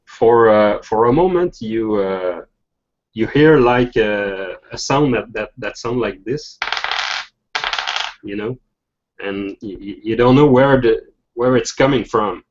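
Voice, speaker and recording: A man narrating a tabletop game as game master, halting and laughing between phrases. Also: on the low side, a little mellow. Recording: dull lo-fi recording.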